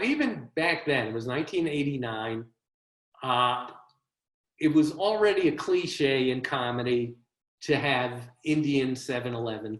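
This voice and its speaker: A man's voice: mid-range voice, fairly bright tone. A man, a comedy writer, giving a one-man show with wry, self-deprecating comic storytelling over a video call. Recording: roomy echo.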